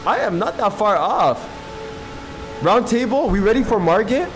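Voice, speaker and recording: A male streamer giving excitable live gameplay commentary, swearing and talking to his chat from his PC. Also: sits high, normal speed. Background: game music.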